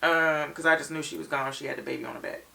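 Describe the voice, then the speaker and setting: A woman tells an episode's story in lively detail, her voice bright and heavily gravelly. She sits a little back from the mic. The recording has a slightly distant feel. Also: low-pitched, fast. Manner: expressive storyteller, retells scenes in detail. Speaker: reaction show co-host. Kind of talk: animated episode recap.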